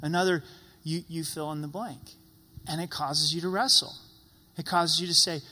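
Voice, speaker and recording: A man's voice: high voice, normal speed, bright, forceful tone, in a large hall. A man preaching a sermon in earnest, acting out prayers as pleading questions to God. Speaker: pastor.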